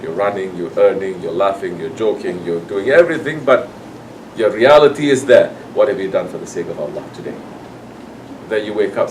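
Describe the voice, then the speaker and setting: A man's voice: sits low, lively intonation, brisk, far from the mic, background noise. Man preaching from afar, admonishing. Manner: admonishing, acts out quoted excuses. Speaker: sufi sheikh. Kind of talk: sermon.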